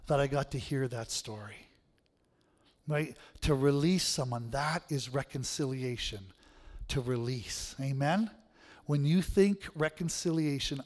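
A man's voice: a little high, long reverb tail. A man preaching a sermon in a conversational way, often checking in with the room with "right?".

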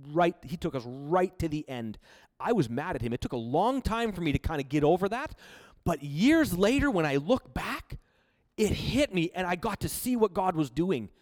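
A man's voice: high voice, expressive, normal speed, darkish tone. A man from Canada preaching a sermon, telling his own story in an earnest, confessional way. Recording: long hall reverb.

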